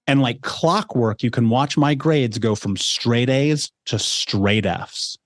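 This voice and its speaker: A man's voice: medium pitch, takes it slowly, no echo, clean studio sound. A man in his thirties, a podcast guest candidly telling his personal life story with conversational asides.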